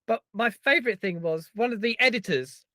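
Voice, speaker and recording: A man co-hosting a podcast, telling stories in a lively, teasing way. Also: high voice, fairly quick, dry recording. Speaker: podcast co-host. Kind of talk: casual podcast chat.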